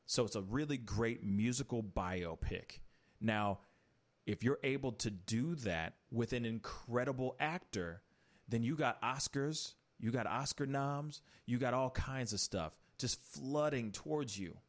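A man hosting a casual commentary show, animated and opinionated, rambling through entertainment news. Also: mid-range voice, a little slow. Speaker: talk show host.

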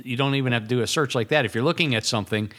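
A man's voice: medium pitch, rapid-fire, fairly bright tone. A man co-hosting a podcast, giving easygoing advice in casual chat. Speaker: podcast co-host.

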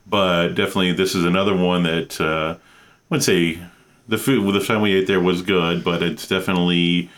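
An easygoing man co-hosting a relaxed chat. His voice is very deep, and he often answers with short agreeing words. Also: moderate pace. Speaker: podcast co-host. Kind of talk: casual chat.

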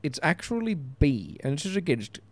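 A man co-hosting a comedy podcast, cracking deadpan absurd jokes in improvised banter. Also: on the high side, moderate pace.

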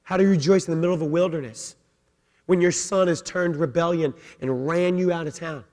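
A middle-aged male pastor preaching from the pulpit, his voice pitched on the high side. He drops to a hushed, intimate tone for personal stories and then climbs into loud, emphatic exhortation, asking the congregation questions along the way. The sound carries a long reverb from a large church sanctuary. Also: a little fast. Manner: swings from quiet storytelling to rising, emphatic preaching; asks the congregation direct questions. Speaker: senior pastor. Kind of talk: sermon.

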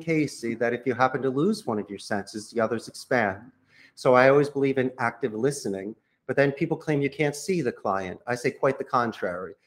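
Energetic salesman man coaching. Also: mid-range voice. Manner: energetic salesman, coaching listeners with role-played phone calls. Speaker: call center CEO, guest. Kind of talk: podcast interview, coaching monologue.

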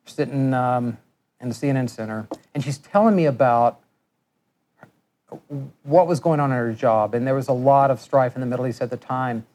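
A middle-aged man giving a lecture, telling animated workplace anecdotes and acting out the voices of people he quotes. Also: medium pitch, moderate pace. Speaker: guest lecturer. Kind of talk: storytelling lecture.

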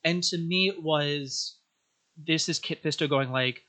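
A young man chatting as a podcast guest, telling stories in an animated way and acting out characters' lines. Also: fairly high pitch, measured pace. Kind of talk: casual podcast chat.

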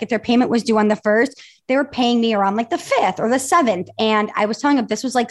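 A woman in her forties, a business mentor guesting on a podcast, talking openly and retelling past conversations in a chatty way. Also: medium pitch. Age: 40s. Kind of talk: casual interview chat.

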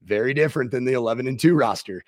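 A man's voice: mid-range voice, very fast, no echo, clean studio sound. A man who is a former football coach, co-hosting a casual sports chat, reflective and self-deprecating, laughing easily.

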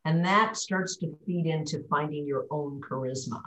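A woman's voice: sits low, normal speed, a bit bright, reverberant, rough recording. A woman working as a voice and pronunciation coach, explaining on a group call and modeling words aloud.

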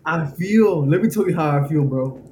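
Earnest higher-voiced man. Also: moderate pace, mellow, a little hiss or hum, poor audio. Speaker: podcast co-host. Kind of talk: casual podcast chat.

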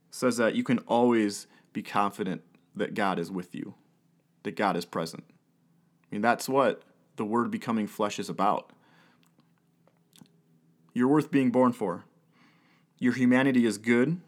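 A man's voice: on the low side, a little slow, pauses often. A man in his thirties, a pastor preaching a sermon in an earnest way, with repeated phrases and rhetorical questions. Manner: earnest, rhetorical questions and repetition, with occasional laughs.

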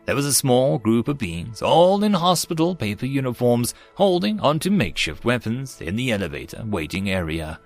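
A man narrating a web novel audiobook in an animated storytelling manner. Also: medium pitch, normal speed, hardly any pauses, faint music behind.

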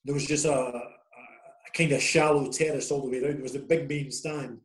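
A middle-aged Scottish man spins loose, self-deprecating football anecdotes in an easy conversational way. His voice sits at an ordinary middle pitch and carries a roomy echo around it. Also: steady tone, brisk. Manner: rambling, self-deprecating storyteller. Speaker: former footballer guest. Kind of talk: casual anecdotal interview. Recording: roomy echoey sound.

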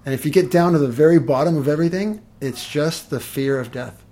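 A man, an energy healer, chatting casually and telling lively stories, swearing and laughing as he goes. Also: fairly high pitch, brisk. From Los Angeles. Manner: animated, swears, laughs through his stories. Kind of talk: casual storytelling in conversation.

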